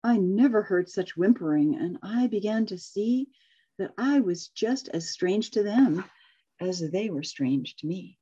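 A woman reading a rhyming children's story aloud with lively expression, then leading a group discussion over a video call and laughing often. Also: mid-range voice, unhurried, husky, dull audio. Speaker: workshop facilitator.

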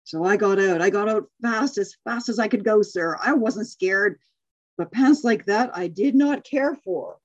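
A woman reads a rhyming story aloud with lively, expressive delivery, then chats quickly with a group and laughs often. Her voice is slightly husky and breathy. The sound is dull and lo-fi, as over a video call. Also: medium pitch. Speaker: workshop facilitator.

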